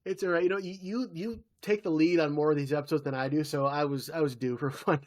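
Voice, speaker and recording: A man in his thirties co-hosts a podcast, recapping a TV episode in casual chat and acting out quoted lines as he goes. His voice is a little high, his intonation fairly even, and he talks fast.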